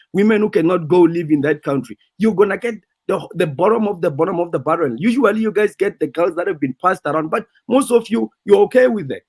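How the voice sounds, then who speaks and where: A man's voice: a little high, husky. A man, calling in to a talk show with a combative, lecturing rant. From South Africa. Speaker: caller. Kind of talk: heated call-in rant.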